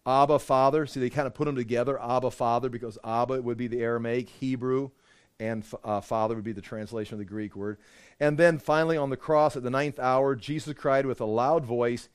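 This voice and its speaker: Man, Bible teacher, casual lesson, mid-pitched voice, loose and conversational, fillers and restarts. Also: fairly even intonation, fairly quick, clear, resonant tone. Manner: reads Bible verses aloud with emphasis.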